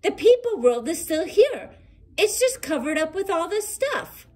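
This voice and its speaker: A woman voicing an excitable young male monster in a storybook read-aloud, with eager, breathless exclamations. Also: sits high, takes it slowly, voice pushed up, exaggerated voice. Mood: excited.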